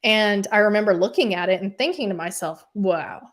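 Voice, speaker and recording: A woman telling a personal story in casual, animated talk, often saying "like" and acting out what people said. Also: medium pitch, a little fast. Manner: animated, acts out quoted voices. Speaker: podcast host appearing as guest.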